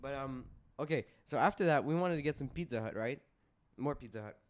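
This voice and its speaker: A young man speaking as a podcast guest in relaxed, everyday chat. He interrupts freely and talks about things with easy enthusiasm. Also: medium pitch, fairly quick. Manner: chatty, interjecting. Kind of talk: casual chat.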